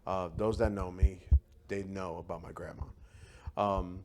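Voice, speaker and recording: Man, podcast host, fairly low voice, affirming reflective questions. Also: flat delivery, measured pace, a little mellow, slight background noise. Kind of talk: casual interview chat.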